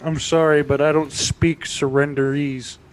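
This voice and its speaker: Slow, higher-voiced joking man. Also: little pitch movement, clean tone. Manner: crude, teasing jokes. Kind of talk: casual live-stream banter.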